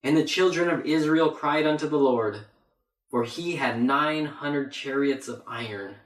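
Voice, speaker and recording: A man's voice: on the high side, measured pace. A man preaching a Bible sermon, emphatic and repeating his phrases for weight. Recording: roomy echo.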